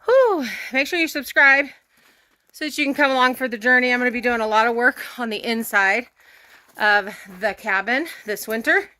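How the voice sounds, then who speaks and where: Bright-voiced woman chatting through a homestead vlog, kinda breathless, laughs a lot, close dry sound. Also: fairly high pitch, normal speed, no room sound. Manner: chatty, laughs often, talks to her cats. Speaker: homesteading vlogger. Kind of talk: casual walkthrough vlog. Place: rural cabin homestead, indoors and out.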